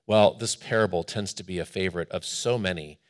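A man preacher reading scripture and explaining it in a conversational, expressive sermon with asides. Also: low voice, fairly quick.

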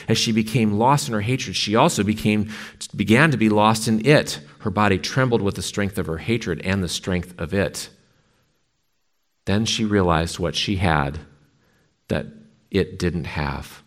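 Very deep-voiced man preaching. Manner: emphatic, dramatic storytelling. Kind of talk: sermon with a dramatic book reading.

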